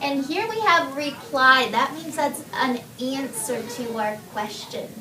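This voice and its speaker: A woman teacher leading a writing lesson for young children, speaking clearly and patiently and modelling expressive reading. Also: high voice, takes it slowly, heavy background noise. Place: classroom. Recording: echoey classroom, camera far off. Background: children in the room.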